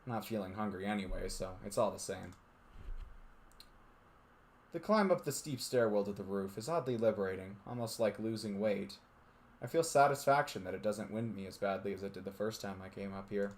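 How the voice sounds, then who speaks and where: Streaming with friends, a man with a fairly low, brisk voice reads visual novel narration aloud at a steady pace. Between passages he chats, laughs, and banters with them.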